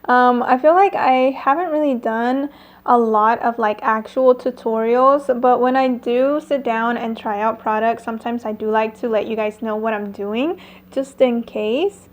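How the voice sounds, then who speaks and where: A woman's voice: fairly high pitch, fairly even intonation, unhurried. A woman talking through a casual makeup tutorial at home, chatty, with lots of fillers and little laughs. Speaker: beauty vlogger. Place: home, airplanes passing nearby.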